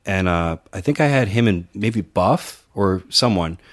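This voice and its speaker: A man with a fairly low voice spins casual podcast stories. He acts out other people's lines as he goes and swears freely. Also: lively intonation, a little slow. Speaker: podcast co-host and wrestling promoter.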